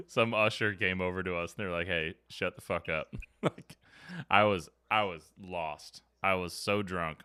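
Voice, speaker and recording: A man's voice: deep voice, steady tone, measured pace, bright, forceful tone, smooth, no echo. A man hosting a podcast, telling a story in casual chat, acting out quotes and swearing freely. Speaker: podcast host. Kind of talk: casual chat, animated anecdote.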